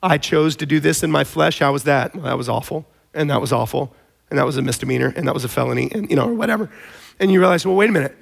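Gravelly-voiced preacher telling a story. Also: male voice, on the high side, fast. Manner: conversational storytelling with animated emphasis. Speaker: pastor. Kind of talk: sermon.

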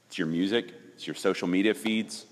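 A man in his forties, a pastor, telling a personal story in casual conversation, animated and emphatic, often restarting his sentences. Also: deep voice, a little fast, big-room sound.

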